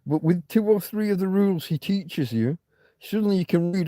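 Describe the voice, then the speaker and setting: A livestream host, a middle-aged man, speaks at normal speed in a mellow voice that sits high. The sound is dry and clean, studio quality. He rambles chattily, cuts himself off to restart, and swears casually.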